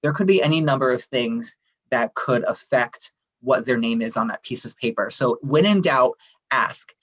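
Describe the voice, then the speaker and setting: A man presenting at a staff workshop, explaining at a steady, friendly pace with frequent "um" fillers. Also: medium pitch, normal speed, slightly rough, lo-fi sound. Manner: friendly, even, many "um" fillers. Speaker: workshop presenter, administrative assistant. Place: online workshop session.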